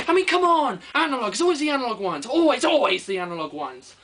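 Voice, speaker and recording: A man's voice: very high voice, very animated, quick pace, a bit bright, slight background noise. A man delivering an exasperated comedic rant. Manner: exasperated, ranting.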